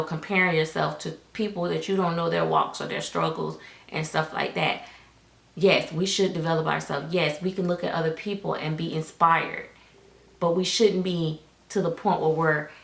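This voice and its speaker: A frank, plain-spoken woman lectures her viewers in a casual, preachy way from her doll nursery. Her voice sits low with a gravelly edge. The room rings with noticeable echo. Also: fairly bright tone. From Florida. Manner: frank, preachy, Southern Black vernacular. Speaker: doll collector vlogger. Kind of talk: casual straight-talking monologue to viewers. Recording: echoey room.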